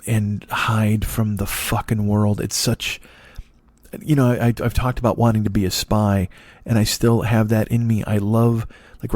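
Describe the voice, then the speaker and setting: A man in his forties, a comedian hosting his own podcast, rambling in a profane, self-deprecating monologue from his dark apartment. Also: lowish voice, no room sound. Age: 40s.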